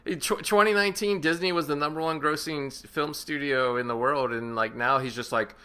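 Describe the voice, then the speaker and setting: A man's voice: fairly high pitch, pushed and bright, smooth. A man co-hosting a movie podcast, making sarcastic jokes in casual chat. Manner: joking, sarcastic, quick quips. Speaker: podcast co-host.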